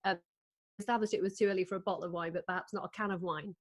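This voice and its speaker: A woman hosting a casual video-call chat, telling lively anecdotes and laughing often. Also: on the low side, very fast. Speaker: host and author.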